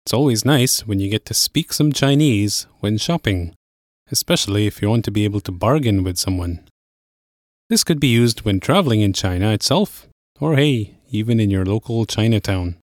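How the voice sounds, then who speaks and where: Man, lower voice, dry close studio sound, clear steady explaining, lesson host. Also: dry recording. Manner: clear, steady explaining, slows on key phrases. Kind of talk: language lesson presenting.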